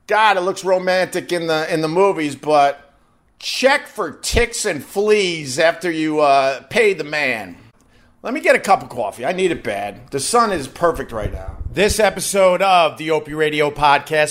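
A man's voice: medium pitch, a bit bright. A middle-aged man hosting a podcast live stream, talking in a blunt, rambling and profane way. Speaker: podcast host. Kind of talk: casual live-stream talk.

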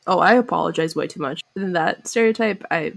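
A woman's voice: lowish voice, a little fast, creaky. A young woman from Minnesota with a Minnesotan accent, chatting casually, laughing often and hesitating with fillers. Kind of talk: casual chat.

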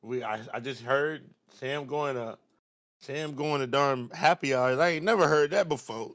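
A man hosting a podcast, relaxed and joking as he teases his friends. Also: medium pitch, moderate pace, no echo. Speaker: podcast host. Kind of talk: casual chat.

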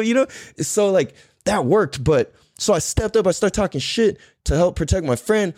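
Man, 30s, from San Diego; casual profane storyteller, very animated delivery. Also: moderate pace, hardly any pauses, no room sound, studio quality. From San Diego, California. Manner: profane, animated, acts out quotes in a louder higher voice.

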